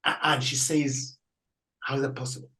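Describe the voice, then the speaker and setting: A priest telling a story in an interview, acting out the people in it and laughing often. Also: male voice, medium pitch, moderate pace, low-quality recording. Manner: animated storyteller, acts out dialogue, laughs often. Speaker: Catholic priest guest.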